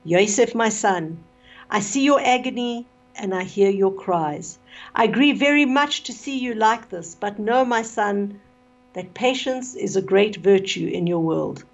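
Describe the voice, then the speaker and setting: A woman's voice: medium pitch, lively intonation, unhurried, lo-fi sound, soft background music. A woman voicing a mother's still voice from the grave. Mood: consoling. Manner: still, soothing. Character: dead mother's gentle voice from a grave.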